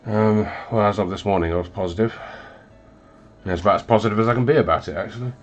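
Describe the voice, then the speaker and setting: A man's voice: fairly low pitch, quick pace, muffled recording, soft background music. A man hosting a casual painting livestream, stuffed up and recovering from illness, rambling with lots of ums and self-deprecating asides. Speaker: hobby livestream host. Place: hot home hobby room, windows closed.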